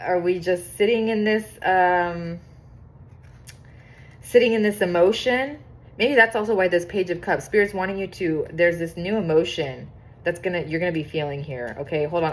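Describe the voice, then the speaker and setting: A young woman gives her viewers a laid-back tarot reading, chatty and excitable, cursing freely and reading the card texts out loud. Her voice sits on the low side and she talks at a normal speed.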